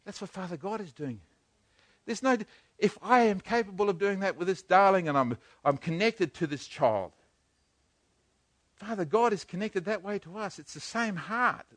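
An older man preaching a sermon, swinging from hushed to loud. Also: sits high, animated, normal speed, dry recording. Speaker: pastor.

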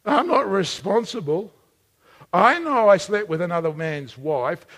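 A man's voice: sits high, big pitch swings, unhurried, a bit bright, exaggerated voice. A man voicing a guilty man making excuses for his adultery, in a whiny, dramatic way. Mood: whining.

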